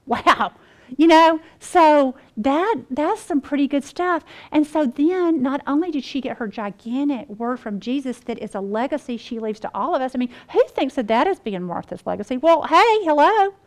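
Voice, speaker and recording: A woman teaching the Bible to a group, folksy and animated, talking to them as y'all. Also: high voice, moderate pace.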